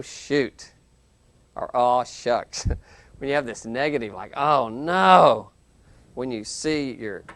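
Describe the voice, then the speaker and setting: A gravelly-voiced male professor teaching a class, talking in an easy, animated way and slipping into little acted-out reactions. His voice sits at a middle pitch, and the sound is close and dry. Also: dry recording. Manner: conversational, animated, acts out quoted reactions. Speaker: university lecturer. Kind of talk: classroom lecture. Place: lecture hall, televised class.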